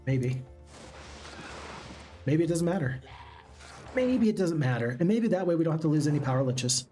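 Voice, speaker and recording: A man's voice: on the high side, a little fast, dark tone, faint music behind. A man giving casual commentary while playing a strategy game, thinking aloud and asking himself questions as he goes. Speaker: let's play gamer.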